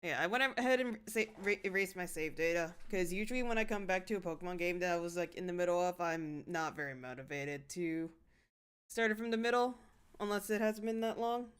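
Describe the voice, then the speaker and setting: A woman streaming a video game, chatting casually with her viewers and breaking into sudden excited squeals. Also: fairly low pitch, a little fast, clean tone. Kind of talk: casual gameplay commentary.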